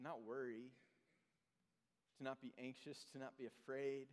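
A man preaching a sermon as pastor, earnest, often dropping to a soft, slow voice for emphasis. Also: medium pitch, lively intonation. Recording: long hall reverb.

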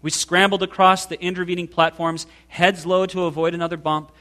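A man reading a memoir passage aloud to listeners in a slow, deliberate, expressive way. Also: high voice. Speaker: reader.

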